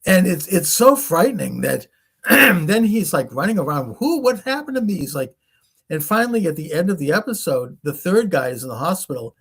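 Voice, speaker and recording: Hosting a talk show, a man chats casually in a voice that's on the high side, sing-song, gravelly, a bit bright and husky, at a moderate pace. He rambles as he retells stories, imitating the people he quotes.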